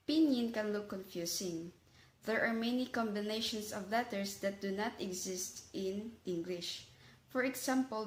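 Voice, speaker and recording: A woman's voice: mid-range voice, echoey room, rough recording. A woman narrating a scripted language lesson, stressing each example sound. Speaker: language teacher.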